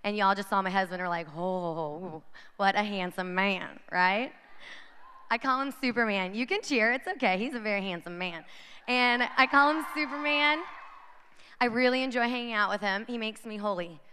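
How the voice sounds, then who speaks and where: A woman's voice: on the high side, animated, fairly quick, sharp tone, slight background noise. A woman in her thirties giving a playful, chatty conference talk to a crowd of young women and acting out their voices. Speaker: conference speaker. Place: large hall with audience. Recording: reverberant hall.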